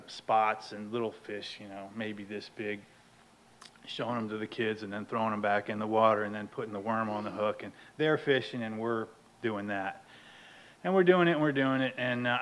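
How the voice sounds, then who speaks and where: A man sharing a humorous personal story at a recovery meeting, animated and laughing often. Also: medium pitch, rough recording. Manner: animated, laughs often, acts out his own outbursts loudly.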